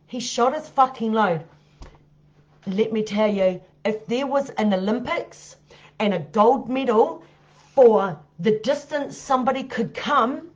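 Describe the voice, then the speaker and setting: A woman's voice: high-pitched, muffled recording. A woman telling a crude story on a live stream, bluntly and with lots of swearing, often laughing at herself. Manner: blunt and heavily profane.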